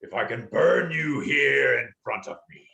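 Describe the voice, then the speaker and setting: A man voicing a huge, wrathful, ancient male dragon who speaks in slow, menacing booms. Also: animated, gravelly, sharp tone, heavily acted. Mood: commanding. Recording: roomy echo.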